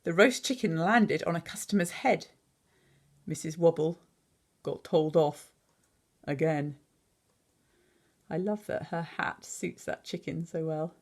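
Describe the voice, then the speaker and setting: Teacher lady reading a storybook, chatty, keeps asking questions, fairly low voice. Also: slow, long pauses. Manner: chatty, asks the listener questions. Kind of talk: reading a picture book aloud with commentary.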